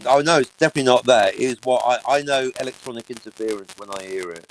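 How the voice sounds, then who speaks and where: A man's voice: medium pitch, fast, a little hiss or hum, low-quality recording. A middle-aged man, hosting a livestream and ranting sarcastically, swearing freely. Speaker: livestream host. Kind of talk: casual livestream chat.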